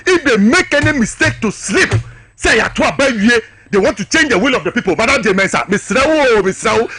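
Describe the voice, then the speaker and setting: A man's voice: very high-pitched, lively intonation, fairly quick, bright, forceful tone, slightly rough. A man with a Ghanaian accent, a political guest on a talk show, arguing with passion and hammering rhetorical questions.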